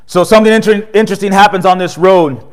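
Preaching as a pastor, a man with a somewhat high voice talks fast and tells the story with animation, sprinkling in rhetorical questions and "right?". At solemn points his delivery turns quiet and low.

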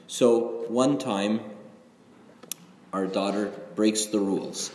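A man's voice: fairly low pitch, fairly even intonation, takes it slowly, a little mellow, slight background noise. A middle-aged male pastor preaching a sermon in a conversational, confessional way, often checking in with "right?". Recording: echoey hall with long reverb.

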